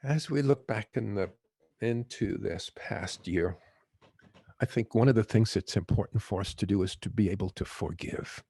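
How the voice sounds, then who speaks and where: A man hosting a guided-imagery talk, a gentle, unhurried storyteller who chuckles as he teaches. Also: fairly low pitch, vocal fry, breathy edge, no echo. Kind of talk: reflective talk with teaching stories.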